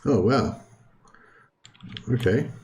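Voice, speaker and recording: A young man casually commentating his strategy game play, thinking aloud with many filler ums and the odd throat clearing. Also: mid-range voice, very slow, darkish tone. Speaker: gaming video host.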